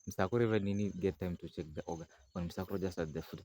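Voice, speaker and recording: A man telling a village folk tale outdoors in a rambling, animated, casual way, acting out the figures himself. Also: low-pitched, very fast, slight background noise. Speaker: storyteller. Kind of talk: casual oral storytelling.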